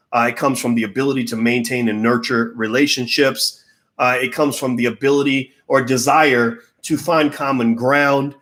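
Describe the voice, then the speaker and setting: A middle-aged man talking through business negotiation in a casual, animated monologue, acting out the people he quotes and swearing offhand. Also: medium pitch. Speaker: commentator on business.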